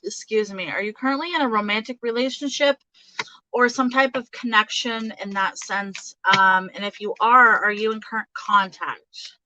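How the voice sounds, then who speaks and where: A woman's voice: a little high, steady tone, normal speed, pushed and bright, no echo, rough recording. A young woman giving a casual, chatty tarot reading, giggling often and speaking straight to her viewers. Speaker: tarot reader.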